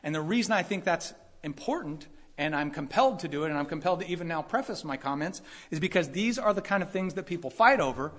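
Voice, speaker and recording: Guy preaching a sermon, pretty high voice, animated, does little voices for the people in the story, laughs a lot. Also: fast talker. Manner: animated, acts out quoted voices, laughs often. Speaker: pastor.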